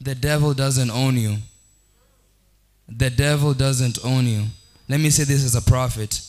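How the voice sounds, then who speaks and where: A man's voice: medium pitch, steady tone, unhurried, darkish tone. A man with a Kenyan accent preaching a sermon, building repeated declarations and mixing English with Swahili. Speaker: pastor.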